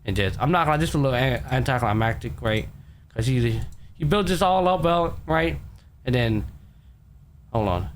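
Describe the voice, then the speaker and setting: A man's voice: mid-range voice, expressive, normal speed, pauses often, a little hiss or hum. A man hosting a podcast, casually retelling an anime episode in a loose, profane way full of fillers. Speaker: podcast host. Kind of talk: casual anime recap chat.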